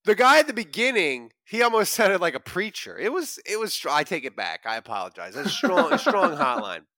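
A man hosting a sports podcast, animated and joking, swinging from loud bursts to mumbles. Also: high-pitched, fairly quick, no room sound, studio quality. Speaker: podcast host. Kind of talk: casual podcast banter.

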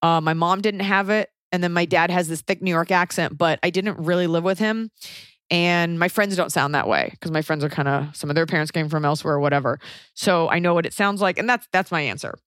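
A woman's voice: fairly low pitch, a little fast, a bit bright, clean tone, dry recording. Chatty Texan woman, dry close mic. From Texas. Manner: chatty, rambling, frequent "like" fillers. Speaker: podcast co-host. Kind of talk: casual podcast chat.

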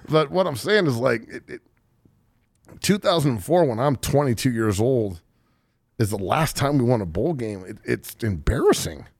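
Gravelly, profane man in his forties. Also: mid-range voice, animated, unhurried, pauses often, no echo, studio quality. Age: 40s. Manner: profane, heated and emotional. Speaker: podcast host. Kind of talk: casual sports chat. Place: studio.

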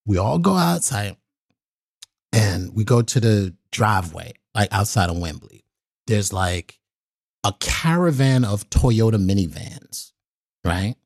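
A man's voice: lowish voice, takes it slowly, slightly rough, dry recording, studio quality. A man, a guest on a talk show, telling a story animatedly, acting out voices and checking in with "right?". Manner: lively, acts out voices, says "right?" a lot. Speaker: guest actor.

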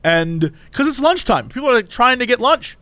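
A man's voice: extremely high pitch, very animated, moderate pace, sharp tone, no room sound. A man co-hosting a podcast, animatedly retelling a story in casual chat with laughter. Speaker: podcast co-host.

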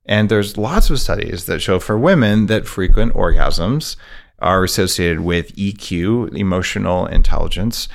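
A man talking as a podcast guest, explaining his ideas in a fast, emphatic way. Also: sits low, lively intonation, creaky. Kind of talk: interview, conversational.

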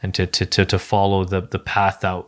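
A low-pitched man in his thirties chats loosely on a podcast. He circles his points and starts sentences over and over, with plenty of fillers, in an unscripted, relaxed way. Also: normal speed. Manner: rambling, many restarts and fillers. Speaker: podcast host. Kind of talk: casual conversation.

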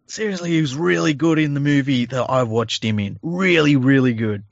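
A man's voice: medium pitch, normal speed, vocal fry, no echo, lo-fi sound. An Australian man co-hosting a podcast, chatting casually with plenty of laughing, joking and swearing. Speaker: podcast co-host. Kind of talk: casual banter.

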